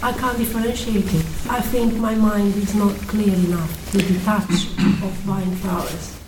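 A woman's voice: medium pitch, steady tone. Hesitant woman asking from far off. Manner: hesitant, searching, halting restarts. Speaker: audience member asking a question. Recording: echoey room from far off with background noise.

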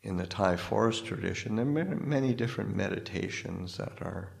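A man, a Buddhist monk, giving a dharma talk in a halting way, often restarting and searching for words. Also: lowish voice, lively intonation, vocal fry. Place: hall in a spiritual society.

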